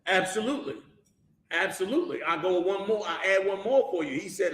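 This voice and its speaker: A high-pitched man leads a scripture class, preaching with lively energy and loose street slang. He throws question after question at his listeners. The sound bounces around an echoey room. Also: fairly quick. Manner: animated, asks the class rhetorical questions, colloquial slang. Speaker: Bible class teacher. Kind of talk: preaching-style scripture lesson.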